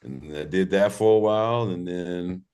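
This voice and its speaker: A man's voice: low-pitched, normal speed, a little mellow, clear, resonant tone, highs cut off. A man from St. Louis, Missouri, a former pro skateboarder and podcast guest, telling stories in a laid-back, profane way and laughing through them. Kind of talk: casual storytelling interview.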